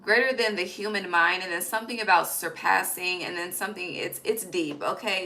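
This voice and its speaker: A woman reads tarot at home at night, her medium-pitched voice sharp in tone and at a normal speed on a low-quality recording. The reading is casual and emphatic, full of swearing and slangy remarks.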